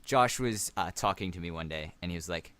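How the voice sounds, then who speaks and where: A young man co-hosting a casual podcast, carrying an improvised story forward with playful, deadpan teasing. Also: sits low, a little fast, clean tone. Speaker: podcast co-host.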